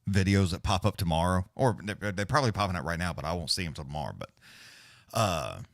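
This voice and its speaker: Man, middle-aged, livestream fight host: low voice, dry close sound, loose and profane, jumps into quick play-by-play. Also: lively intonation, no room sound. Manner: rambling, profane, laid-back, with many restarts; fast play-by-play calling during fights. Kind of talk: casual live-stream commentary.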